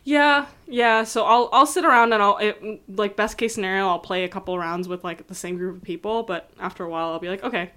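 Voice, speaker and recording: Chatty woman talking games with a friend, animated, laughs a lot. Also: mid-range voice, brisk, hardly any pauses, clear, resonant tone. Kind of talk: casual chat.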